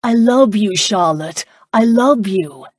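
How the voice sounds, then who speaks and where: A woman's voice: medium pitch, lively intonation, slow pace, husky, dry recording, studio quality. Woman voicing an ardent young duke proposing. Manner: earnest, declarative.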